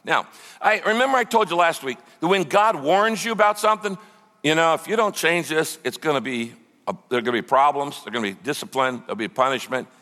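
Higher-voiced preaching pastor in a reverberant hall. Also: male voice, fast. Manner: lively preaching, acts out quoted voices. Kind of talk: sermon.

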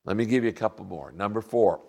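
A man preaching a sermon as pastor, earnest, slowing down to stress key lines. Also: lowish voice, expressive, vocal fry, warm tone, husky. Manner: earnest preaching, slows down for emphasis.

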